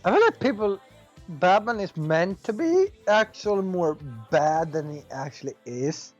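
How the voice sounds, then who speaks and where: Casual podcast co-host, lively pitch, halting delivery, dull audio with faint music. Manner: loose, halting, trailing off. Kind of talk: casual chat.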